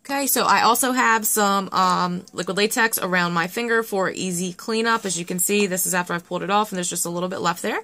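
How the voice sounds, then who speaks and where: A young woman chatting excitedly through a nail art tutorial, full of fillers and self-deprecating asides. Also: medium pitch, fast talker, few pauses. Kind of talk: casual tutorial chat.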